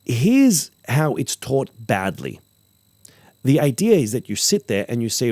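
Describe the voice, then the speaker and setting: A man hosting a podcast, talking casually about acting craft, animated and repeating phrases for emphasis while acting out example lines. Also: medium pitch, unhurried, dry recording. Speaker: podcast host, acting teacher.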